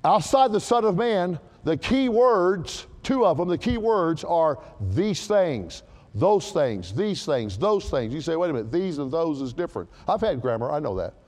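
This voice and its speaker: A man preaching a sermon to a church congregation, emphatic and animated, repeating his key words for stress. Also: fairly high pitch, moderate pace, big-room sound.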